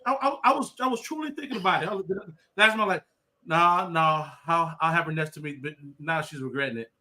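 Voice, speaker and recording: A man's voice: fairly high pitch, fairly quick, pushed and bright. A man guest on a casual live stream who is joking and rambling, with many restarts, heard over a video call. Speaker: guest travel creator.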